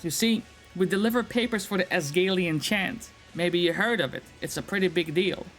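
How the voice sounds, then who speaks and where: A man voicing an indignant young woman activist with a sharp manner. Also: high voice, moderate pace, soft background music.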